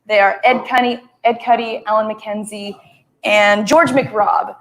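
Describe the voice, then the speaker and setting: Woman livestream host, middling pitch, rambling and chatty. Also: fairly even intonation, measured pace, rough recording. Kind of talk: casual livestream introduction.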